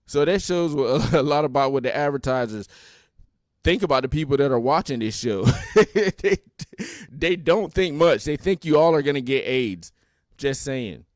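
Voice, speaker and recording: A man's voice: medium pitch, no room sound, clean studio sound. A man hosting a podcast in casual, mocking comedic commentary with laughing asides. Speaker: podcast host.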